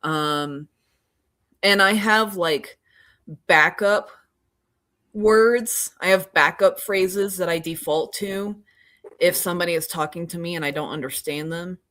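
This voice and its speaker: A woman with a slightly low voice, chatting on a casual podcast. She rambles, tripping over restarts and filler words as she goes. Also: measured pace, fairly bright tone. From Oklahoma. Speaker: podcast co-host. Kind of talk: casual chat.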